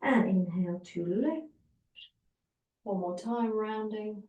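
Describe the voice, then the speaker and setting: A woman teaching a guided Pilates session, giving calm, encouraging step-by-step cues for breathing and movement. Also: mid-range voice, takes it slowly, distant mic, lo-fi sound. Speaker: Pilates instructor. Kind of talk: guided exercise class. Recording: roomy echo, voice from off the mic.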